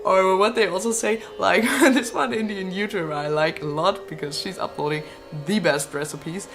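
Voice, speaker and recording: A woman's voice: medium pitch, normal speed, a bit bright, faint music behind. A woman in her twenties chatting casually as a vlogger answering viewer questions, laughing often and swearing freely. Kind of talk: casual Q&A chat.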